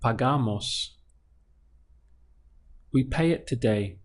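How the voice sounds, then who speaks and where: A man teaches a Spanish lesson at an unhurried, deliberate pace. His voice sits at an ordinary middle pitch. He drills verbs patiently, drawing out syllables to make the stress plain. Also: a little mellow. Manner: slow, patient drilling, stretching words to show the stress. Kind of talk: language lesson.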